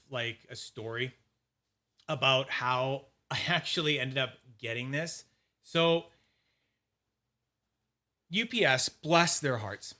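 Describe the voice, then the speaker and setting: Man, young adult, from Canada, bright voice, casual vlog storytelling, swears, acts out other people. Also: a little high. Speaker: YouTube fidget collector host.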